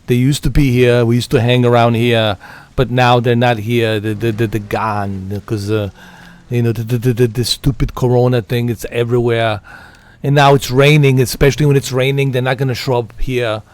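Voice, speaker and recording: A man's voice: mid-range voice, little pitch movement, moderate pace, darkish tone. A man chatting casually with friends, rambling, repeating words and laughing often. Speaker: gamer.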